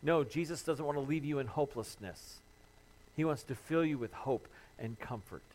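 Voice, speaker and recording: A man's voice: mid-range voice, normal speed, darkish tone, poor audio. A man preaching a sermon as pastor, earnest and building to impassioned emphasis, acting out the pleas of troubled listeners. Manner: voices imagined worshippers' pleas.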